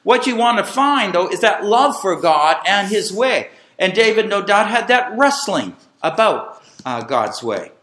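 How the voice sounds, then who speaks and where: A middle-aged male pastor with a high, bright voice preaches at a measured pace, barely pausing. His delivery swings in animated, emphatic waves as he pulls the congregation into call-and-response, all in an echoing room.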